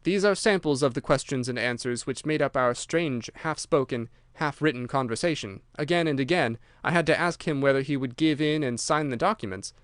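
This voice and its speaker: A man narrating a short story as an audiobook in a steady, measured way. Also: mid-range voice, smooth, dry recording, studio quality. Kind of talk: scripted narration.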